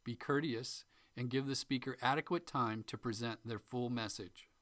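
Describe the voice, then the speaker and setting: A man's voice: medium pitch, steady tone, moderate pace, fairly bright tone, no room sound. A man teaching customer-service listening skills, going through numbered tips and acting out short examples. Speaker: instructor.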